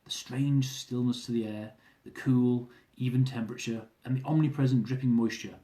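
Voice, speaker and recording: A man reads aloud from his own travel memoir, lively and amused, often chuckling as he tells the story. His voice is medium-pitched at a normal speed, with a roomy sound.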